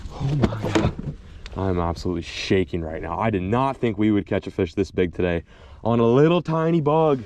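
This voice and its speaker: Hyped-up guy narrating his fishing trip outdoors on camera, kinda low voice, bit of noise behind. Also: normal speed. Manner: excitable, exclaiming and laughing while reeling in fish. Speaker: fishing vlogger. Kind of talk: casual on-camera fishing commentary. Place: outdoors by the water in winter.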